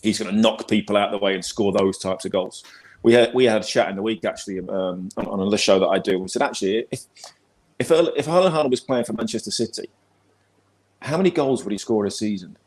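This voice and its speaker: A man's voice: lowish voice, fast, darkish tone. A man in his forties with an English accent, chatting as a football pundit guest in a rambling, repetitive way over a video call. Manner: rambling, repeats words, chatty. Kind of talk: casual chat.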